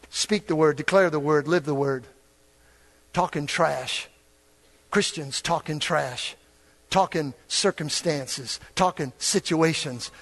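An older man preaching a fiery sermon, dropping low and then building to shouts. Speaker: pastor.

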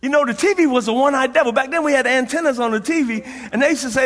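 A man's voice: very high-pitched, very fast, few pauses, a bit bright. A middle-aged man preaching a sermon as a pastor, telling folksy stories with frequent laughter and repeated phrases for emphasis. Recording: long reverb of a large hall.

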